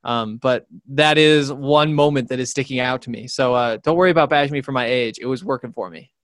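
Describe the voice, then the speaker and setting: A man's voice: medium pitch, a little fast, fairly bright tone, no room sound, studio quality. Rambling young man telling stories. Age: 20s. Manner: rambling storyteller, many fillers. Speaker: sports podcast co-host. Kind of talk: casual chat.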